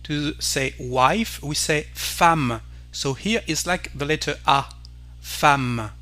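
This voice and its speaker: A man with a French accent teaching pronunciation, saying each word slowly and carefully and repeating it for the learner. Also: on the high side, sharp tone. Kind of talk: pronunciation lesson.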